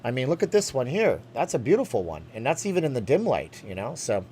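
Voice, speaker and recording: Lively, rambling live-stream guy. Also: mid-range voice, fast, a little hiss or hum. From Canada. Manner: chatty and animated, jumping between topics. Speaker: live-stream host answering viewer chat.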